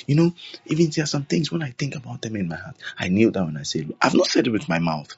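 A man's voice: medium pitch, big pitch swings, fast talker, gravelly, slightly rough. A man preaching a sermon, emphatic and repetitive, acting out prayers in his own voice. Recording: dull lo-fi sound.

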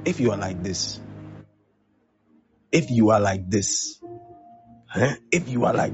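A male pastor preaches in a loose, chatty way, his voice gravelly with fry. He acts out small exchanges and keeps checking in with his listeners. The recording is dull and lo-fi, with clear music underneath. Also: on the low side, measured pace, long pauses. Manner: chatty preaching that acts out little dialogues and asks "huh?". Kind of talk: conversational sermon.

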